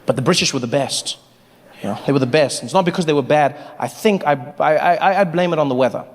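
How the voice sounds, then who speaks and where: Man, stand-up comedian, high-pitched voice, echoing theater, faint audience murmur. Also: quick pace. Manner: animated, shifts into voices and shouts. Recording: live hall reverb, audience noise.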